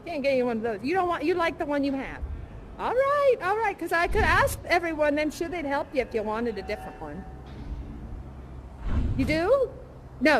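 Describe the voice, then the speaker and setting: A woman's voice: high voice, slight background noise. A young woman performing a bubbly bar worker character who chats and gushes with guests at a live immersive show. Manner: chatty, gushing, giggly, rambling. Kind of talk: improvised in-character audience interaction.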